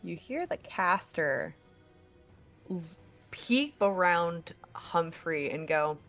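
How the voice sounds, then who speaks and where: A woman narrating as game master of a tabletop game, unhurried, with many fillers and restarts. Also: on the low side, expressive, fairly bright tone, faint music behind.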